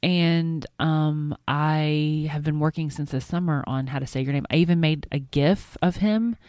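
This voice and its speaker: A woman's voice: sits low, fairly even intonation, a little slow, darkish tone, clear, resonant tone, no room sound, clean studio sound. A woman co-hosting a podcast in casual chat, a chatty, rambling storyteller who swears casually. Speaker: podcast co-host.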